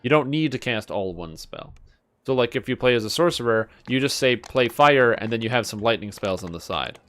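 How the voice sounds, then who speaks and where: A man's voice: mid-range voice, animated, brisk, fairly bright tone. Playful male streamer chatting casually. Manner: playful, reads tongue twisters aloud, stumbles and laughs at himself. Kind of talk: casual live-stream chat.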